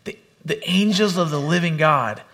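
A man's voice: on the high side, animated, moderate pace, a bit bright. A man preaching a sermon, retelling a scripture story and acting out the characters' lines.

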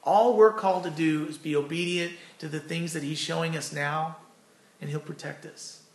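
A man's voice: on the high side, fairly even intonation, moderate pace. A man preaching an earnest, conversational sermon with personal stories, then closing in prayer. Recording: echoey room.

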